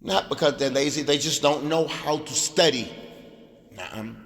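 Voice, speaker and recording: A man's voice: fairly high pitch, unhurried, creaky, a bit bright. A man teaching an Arabic class in a mosque, emphatic and repetitive, drilling phrases aloud. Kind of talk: lecture in a mosque. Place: mosque hall. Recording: long hall reverb.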